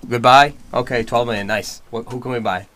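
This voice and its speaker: Male podcast co-host, blunt, rapid-fire banter. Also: mid-range voice, fairly even intonation, bright, forceful tone. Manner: blunt, interrupts with quick rebuttals. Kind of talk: casual soccer banter.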